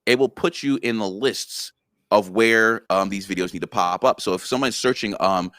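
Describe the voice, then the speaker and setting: Low-voiced man explaining earnestly. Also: moderate pace, a bit bright, no echo, clean studio sound. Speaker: guest content creator. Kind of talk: casual interview chat.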